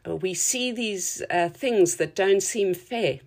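Woman preacher, slow earnest sermon, reflective, mid pitch.

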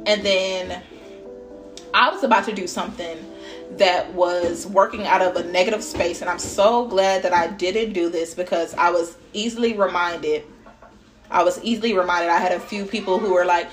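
A woman hosting her podcast at home, telling a casual story in a candid, animated way with frequent swearing and bursts of laughter. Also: on the low side, moderate pace, soft background music. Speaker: podcast host.

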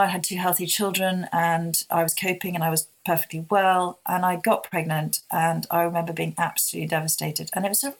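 A woman in her fifties, a guest speaking candidly and heartfelt in an interview, often halting and restarting. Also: on the low side.

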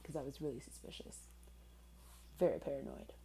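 A woman's voice: rumbling low, a little fast, mellow, slight background noise, low-quality recording. A woman in her twenties telling a personal story in a candid, sarcastic way, swearing casually. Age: 20s.

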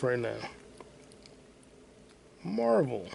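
Brief: male solo podcaster, gravelly voice, casual swearing, faint background hiss. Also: medium pitch, normal speed. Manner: profane, muttering to himself while searching online. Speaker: podcast host.

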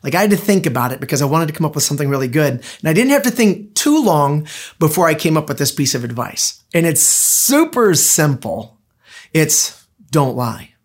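Middle-aged male pastor, conversational storytelling sermon delivery. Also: a little high. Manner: conversational, anecdotal, with restarts.

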